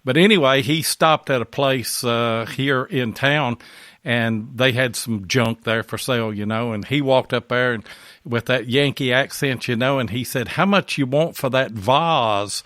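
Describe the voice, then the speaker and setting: A man's voice: mid-range voice, fairly even intonation, normal speed, a bit bright. A man with a drawl hosts a casual talk show and tells folksy stories with an easy laugh. His voice sits in the middle of the range. It is recorded dry and close, with no room echo. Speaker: podcast host. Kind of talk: casual storytelling chat.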